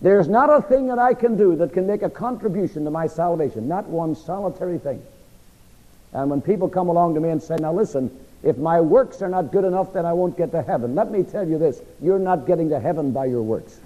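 A middle-aged man teaches scripture in a sermon style, his voice mellow but animated and a little thick with a frog in his throat. He keeps tossing questions to the congregation so they can finish his lines. It comes from a lo-fi recording with long reverb from the church hall. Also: on the high side, fairly quick. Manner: asks the audience to fill in words. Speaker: preacher teaching a Bible class.

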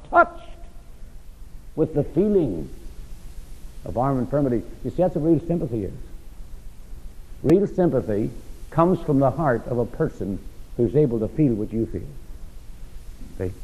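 A man preaching to a Bible class, moving between hushed tender lines and rising, ringing emphasis, with slow drawn-out phrasing. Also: mid-range voice, sing-song, breathy edge, long reverb tail, dull audio. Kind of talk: sermon.

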